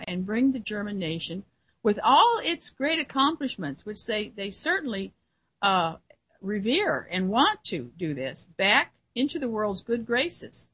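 A woman's voice: medium pitch, sing-song, unhurried, a bit bright, slightly rough, low-quality recording. A woman who hosts a radio show, giving an earnest solo commentary in a musing way, often restarting her sentences.

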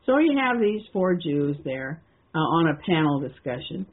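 Halting older woman on a tinny line. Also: deep voice, big pitch swings. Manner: rambling, halting, many restarts and fillers. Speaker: radio show host. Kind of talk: casual call-in radio talk. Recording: tinny phone-line sound.

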